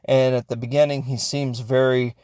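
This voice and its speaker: A man's voice: mid-range voice, flat delivery, moderate pace, a little mellow, smooth, no room sound, clean studio sound. A man hosting a podcast, recapping a film in a casual, rambling way, often unsure and correcting himself, with joking asides. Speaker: podcast host reviewing films.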